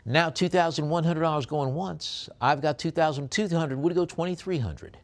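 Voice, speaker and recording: A man working as an auctioneer, calling bids in a brisk rhythmic chant and adding chatty asides about the lots. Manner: drops low and soft on a coaxing "please". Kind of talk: live auction bid calling.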